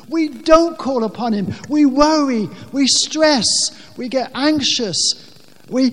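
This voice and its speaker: A man preaching a sermon from a pulpit, speaking earnestly in plain words, often restarting his sentences and rising loudly when he quotes scripture. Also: high voice, long reverb tail. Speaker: pastor. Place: church with a pulpit, long reverb.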